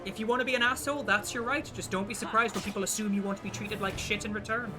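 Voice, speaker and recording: A young man with a high voice, rambling through a casual, sweary chat as he streams a game. He talks bluntly and loosely, with clear game music running underneath. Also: steady tone, quick pace. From United Kingdom. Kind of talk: casual chat while gaming.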